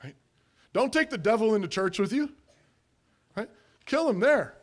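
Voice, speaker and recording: A man with a fairly high voice preaches a sermon in a church. He talks to the congregation casually, playing out little household scenes. When he voices a confession, he goes soft and hushed. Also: animated, moderate pace. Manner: conversational preaching, acts out little family scenes. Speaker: pastor. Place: church sanctuary.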